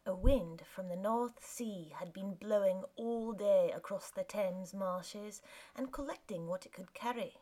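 Slow, hushed woman narrator. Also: mid-range voice. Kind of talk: scripted narration of a period story.

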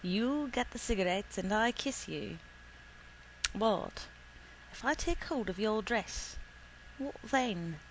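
A woman's voice: medium pitch, animated, slow pace, long pauses, slight background noise, low-quality recording. Woman voicing a terse, brooding young soldier. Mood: hushed.

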